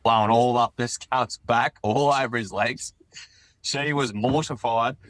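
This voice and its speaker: A man's voice: medium pitch, measured pace, fairly bright tone, no room sound. A man with an Australian accent calling in to a podcast, telling a rowdy, swearing anecdote in casual storytelling style. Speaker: caller. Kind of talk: crude storytelling call-in.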